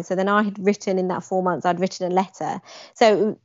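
A woman's voice: mid-range voice, fast, dry recording. A young woman telling a personal story in conversation, animating the moments she describes. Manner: animated, acts out quoted lines with emphasis. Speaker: guest. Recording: dry, slightly dull lo-fi sound.

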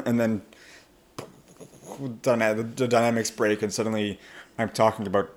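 A man speaking as a language coach in a podcast interview, animated and laughing often as he explains. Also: lowish voice, moderate pace, pauses often.

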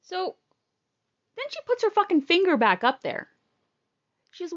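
High, animated woman telling a story. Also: normal speed, long pauses, no echo, lo-fi sound. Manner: blunt and profane, emotional. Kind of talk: casual personal storytelling.

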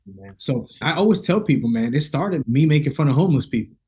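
A man speaking as a motivational speaker on a podcast, telling his own story with animated energy. His voice is husky and sits at a middle pitch, and he leans on casual slang. When he quotes other people, his pitch leaps up. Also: a little fast. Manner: lively, slangy, acts out dialogue with big pitch jumps.

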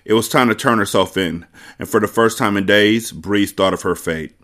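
Low-voiced man reading a novel aloud. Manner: measured, expressive narration.

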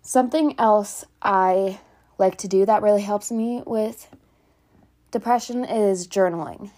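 A woman's voice: mid-range voice, unhurried, warm tone. A teenage girl talking casually from home about her own experience, earnest and rambling, full of "like" and "um". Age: teens. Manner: earnest, rambling, with frequent fillers. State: out of breath. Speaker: podcast host. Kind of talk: casual personal talk.

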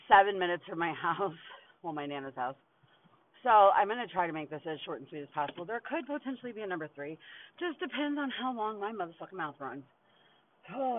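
A woman in her forties talks straight into a tinny, phone-like recording, venting in a loose, casual monologue. She swears constantly and bluntly, breaking into short laughs between her lines. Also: mid-range voice. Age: 40s. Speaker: podcast host.

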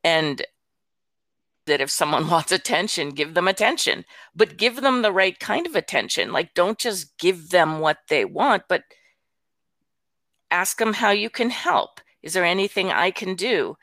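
A guest, an older woman with a low, gravelly voice, tells a story in a lively, chatty way at a measured pace. She acts out quotes and laughs lightly now and then, and the sound is dry and close with no echo.

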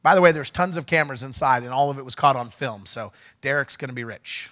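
A male pastor telling a story during a sermon, animated and getting loud when he acts out what was said. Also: mid-range voice, quick pace. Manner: animated, shouts when acting out quotes. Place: church.

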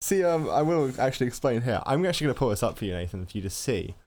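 A man with a mid-pitched voice that swings widely in intonation. He laughs easily and talks animatedly, the way a podcast co-host does. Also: sing-song, rapid-fire, a little mellow. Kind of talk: casual comedic chat.

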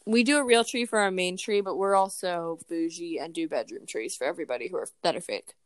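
A young woman from Maryland in casual chat, animated and opinionated, with frequent likes. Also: fairly low pitch, brisk, dry recording.

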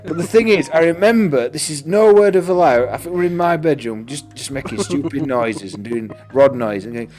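A man's voice: fairly high pitch, animated, a little fast, few pauses, a little mellow, faint music behind. A man, co-hosting a casual chat, laughing often and slipping into silly voices. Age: late 30s. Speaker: podcast co-host.

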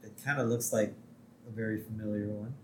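A man's voice: lowish voice, brisk, a little hiss or hum. Laid-back man co-hosting a podcast. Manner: relaxed, laughs often, asks "right?". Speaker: podcast co-host. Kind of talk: casual chat, retelling an episode. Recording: echoey room.

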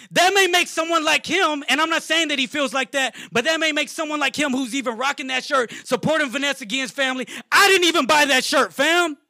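A man's voice: very high-pitched, gravelly, pushed and bright, no echo. A man co-hosting a podcast, speaking in an impassioned, apologetic way and close to tears. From Latino. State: emotional, close to crying. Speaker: podcast co-host. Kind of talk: emotional podcast rant.

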